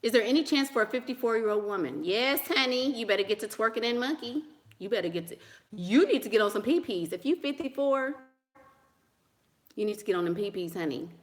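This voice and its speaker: A slightly high, expressive woman's voice moves briskly through viewer questions about dating. In this casual monologue she's sassy and blunt, brushing things off, laughing often, repeating lines, and leaning on "honey" and "girl."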